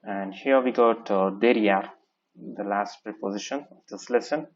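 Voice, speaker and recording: A man with a slightly low voice walks learners through a lesson, repeating every phrase and leaning on "okay" and "so". The sound is dull and lo-fi. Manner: explains slowly, repeats phrases, frequent "okay" and "so". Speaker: French teacher. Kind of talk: recorded classroom lesson. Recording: dull lo-fi recording.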